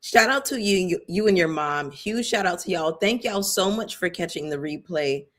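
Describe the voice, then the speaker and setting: A woman's voice: fairly low pitch, animated, normal speed, fairly bright tone. Chatty woman hosting a live chat. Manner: chatty, reads viewer comments, frequent fillers and asides. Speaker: YouTube commentary host. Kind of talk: casual live-chat commentary.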